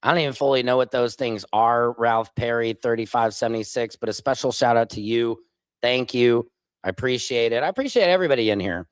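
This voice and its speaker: A man's voice: mid-range voice, fairly quick, clear, resonant tone, no echo. A man hosting a live stream, reading chat comments aloud and answering them in a combative, sarcastic way. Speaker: livestream host.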